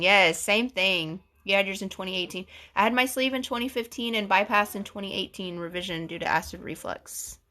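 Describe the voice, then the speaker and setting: A woman's voice: mid-range voice, bright, forceful tone. A woman, hosting a casual livestream, reading comments aloud in a chatty, giggly, gushing way. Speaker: livestream host.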